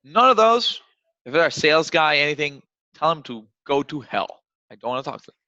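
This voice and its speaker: A man coaching on cold calling over a video call, often acting out phone exchanges in a raised, lively voice. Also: fairly high pitch, fairly quick, dry recording. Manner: acts out phone calls in a raised voice. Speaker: sales trainer. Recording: dull, dry video call audio.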